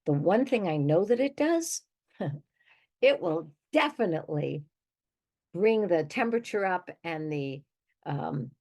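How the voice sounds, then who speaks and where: Speaking slowly with frequent pauses, an older therapist offers emphatic advice on her own show in a fairly low, animated, darkish voice. It's a conversational monologue aimed straight at listeners, with small laughs between points.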